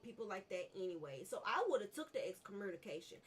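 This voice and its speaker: A woman's voice: medium pitch, sing-song, fast, hardly any pauses, breathy edge. A woman giving casual, chatty commentary on her gameplay, talking to herself and her viewers as she plays. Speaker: gaming vlogger. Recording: voice a little distant from the mic.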